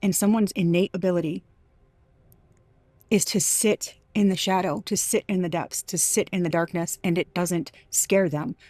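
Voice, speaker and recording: Woman doing a tarot reading, lowish voice, dry close sound, emphatic, halting restarts. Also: steady tone, mellow, no room sound. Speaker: tarot reader.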